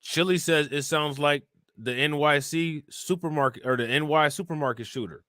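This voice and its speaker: Bright and forceful, this man's voice sits on the high side at a moderate pace, recorded dry and clean in a studio. He hosts a live-stream crime show with casual, conversational commentary, reading charges and reports aloud, reacting, and continually asking viewers "you know what I'm saying?" as he works through news and chat.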